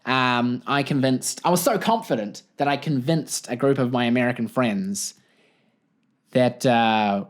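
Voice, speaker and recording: A man's voice: mid-range voice, measured pace. A young man with a New Zealand accent hosting a solo podcast, telling a story in a jokey, rambling way and laughing often. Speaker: podcast host.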